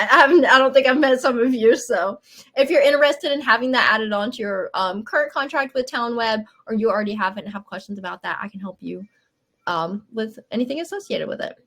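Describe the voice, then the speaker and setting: A woman from North Alabama with a Southern accent, introducing herself as a customer specialist in a friendly, relaxed way on a video call. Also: fairly high pitch, a little fast. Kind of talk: casual self-introduction.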